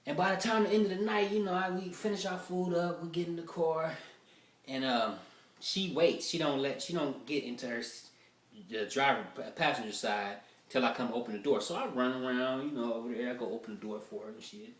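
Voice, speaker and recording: A man's voice: medium pitch, a little fast. Dude comic rambling his jokes, cussing a lot, kinda far from the mic, echoey room. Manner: profane, rambling, casual. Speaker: stand-up comedian. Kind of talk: stand-up storytelling, rough draft. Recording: roomy sound from a distant mic.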